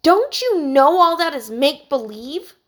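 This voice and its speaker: A woman's voice: high voice, sing-song, a little slow, fairly bright tone, pitched above the performer's own voice, heavily acted. Emily, a stern bossy girl, read by a woman. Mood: scolding. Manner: scolding, emphatic.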